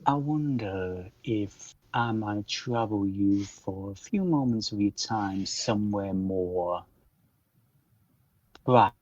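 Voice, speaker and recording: A man voicing a polite but firm male cartel leader in a tabletop game, with a mixed, loosely southern accent and a slow, courteous, quietly menacing manner. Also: lowish voice, dry recording, lo-fi sound.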